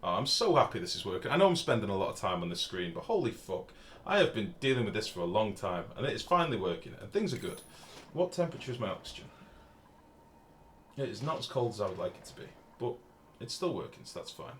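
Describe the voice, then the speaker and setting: A man's voice: fairly low pitch, big pitch swings, fast, fairly bright tone, slight background noise. An English man chatting casually while live-streaming a game, swearing freely and reading out chat messages. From England.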